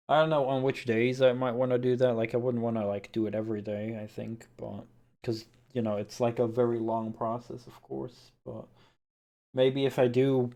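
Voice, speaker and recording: A man's voice: medium pitch, a little mellow. A man streaming a game, chatting casually as he wraps up, rambling and hesitant with many fillers. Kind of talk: casual stream sign-off chat.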